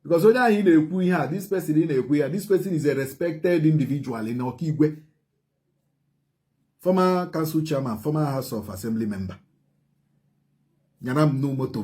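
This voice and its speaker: A man's voice: a little high, a little fast, long pauses, warm tone. A man with a Nigerian Igbo accent giving heated commentary, emphatic and repetitive, switching between Igbo and English. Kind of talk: heated social media commentary.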